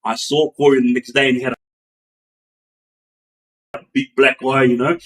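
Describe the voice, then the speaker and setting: Speaking at a normal speed, a middle-aged man, formerly a gang member, tells animated prison stories in a casual way. He acts out sounds and quotes with raised-pitch bursts, and his loose, slangy talk is full of fillers and restarts.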